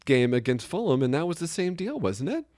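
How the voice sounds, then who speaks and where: A man co-hosting a casual podcast chat, joking and laughing often, with sudden high exclamations. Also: sing-song, a little fast, a little mellow, dry recording, clean studio sound. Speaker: podcast co-host. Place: Chicago area.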